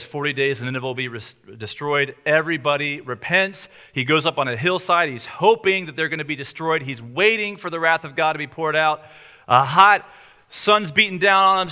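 Bright-voiced male preacher. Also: on the high side, clean tone. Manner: conversational preaching, slows down for emphasis. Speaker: pastor. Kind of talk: sermon.

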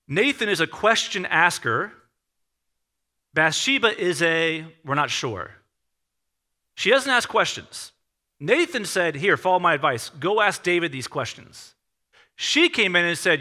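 Male preacher, bright and a bit high, animated storyteller. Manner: animated, acts out quotes with shifting tone; conversational, self-questioning. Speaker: pastor. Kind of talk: sermon.

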